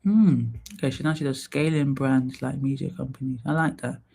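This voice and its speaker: A man's voice: mid-range voice, level tone, normal speed, gravelly, warm tone, husky. A man hosting a live stream, giving candid, chatty feedback and calling viewers by name. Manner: drops into sung snatches and playful asides. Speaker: live stream host reviewing profiles. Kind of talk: casual live stream chat.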